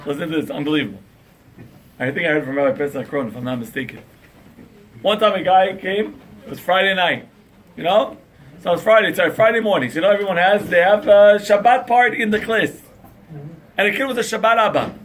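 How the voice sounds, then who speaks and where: Rabbi lecturing a crowd, higher voice, acts out voices. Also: male voice, slight background noise. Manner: animated storyteller, acts out dialogue, asks the crowd questions. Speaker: rabbi giving a talk on parenting. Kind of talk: lively sermon to an audience.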